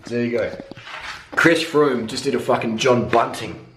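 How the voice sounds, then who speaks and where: Aussie bloke ranting about cycling, swears every other word, blunt and worked up, echoey room. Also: male voice, medium pitch, unhurried, noisy background. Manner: profane, blunt, excitable. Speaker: cycling vlogger. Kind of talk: casual ranting vlog.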